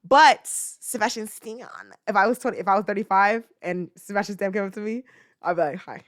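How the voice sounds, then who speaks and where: A woman in her twenties hosting a casual podcast, rambling emotionally and swinging from loud outbursts to low muttering. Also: a little fast, dry recording. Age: 20s. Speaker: podcast host. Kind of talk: casual ranting chat.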